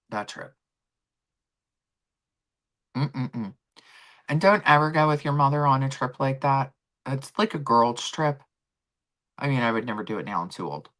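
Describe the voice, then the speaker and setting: A woman's voice: rumbling low, measured pace, long pauses, fairly bright tone. A middle-aged woman with a Philadelphia accent from Kensington, rambling in casual chat as host of her own show. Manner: rambling, chatty, talks to her pets mid-stream. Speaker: vlog host.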